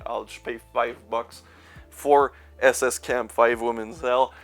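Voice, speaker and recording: A young man chatting casually about his collection, rambling and sarcastic, swearing now and then. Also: medium pitch. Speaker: YouTuber reviewing his movie collection. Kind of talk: casual chat.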